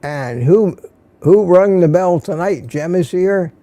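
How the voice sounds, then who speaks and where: Speaking slowly in a high-pitched, mellow voice with no echo, an older man hosts a casual livestream. He welcomes viewers by name and reads out their comments with folksy charm.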